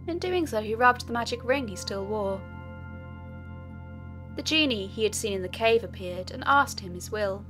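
A woman narrating a fairy tale audiobook in a steady storytelling manner. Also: fairly high pitch, normal speed, faint music behind.

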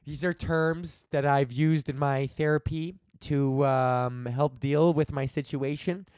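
A man's voice: a little high, steady tone, slow pace, a little mellow, smooth, dry recording, clean studio sound. A man of thirty hosting his own comedy podcast, rambling and swearing freely as he vents and laughs at his own jokes. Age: 30s. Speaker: podcast host. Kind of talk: casual solo comedy podcast rant.

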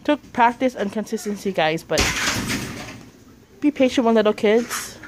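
A woman's voice: a little high, expressive, moderate pace, background noise. A woman in a casual home vlog, chatting straight to her viewers through a handheld camera. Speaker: vlogger.

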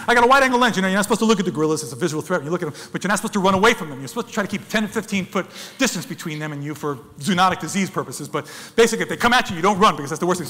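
A high-voiced man tells wild stories at a fast clip, bright and forceful as he acts out each scene. His voice rings with a long hall reverb. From United States. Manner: animated, dramatic storyteller, acts out sounds and voices, addresses the crowd as folks. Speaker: wildlife photographer giving a talk. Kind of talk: lively storytelling presentation to an audience.

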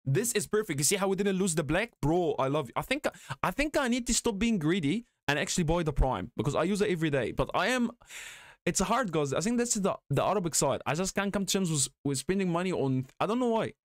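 A man chatting excitedly on a live gaming stream, reading the chat aloud and laughing often. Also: high-pitched, fast talker, dry recording, clean studio sound.

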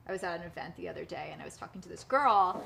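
A woman's voice: fairly low pitch, rapid-fire, creaky, a bit bright. A woman hosting a live stream, chatting casually in a bubbly way, laughing often and trailing off mid-sentence. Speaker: livestream host and actress.

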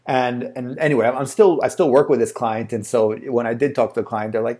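A man's voice: medium pitch, steady tone, brisk, hardly any pauses, mellow. A man who works as a translator, talking casually to camera and telling a story in a chatty way with plenty of fillers. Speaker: translator and agency owner.

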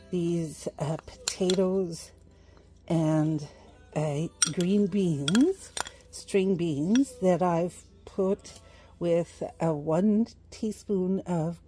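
Slow, mellow-voiced woman cooking host. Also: fairly low pitch. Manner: chatty, unhurried, with frequent fillers and little laughs. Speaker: home cooking show host. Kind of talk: casual cooking demonstration.

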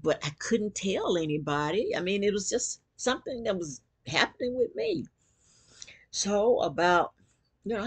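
A woman vlogger telling a personal story to camera, animated and acting out quotes. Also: medium pitch, husky.

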